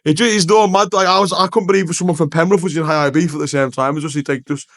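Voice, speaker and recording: A man's voice: fairly high pitch, fairly even intonation, fast. A young man, an event organiser chatting on a podcast, rambling with lots of swearing and restarts. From Carlisle, England. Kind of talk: casual podcast chat.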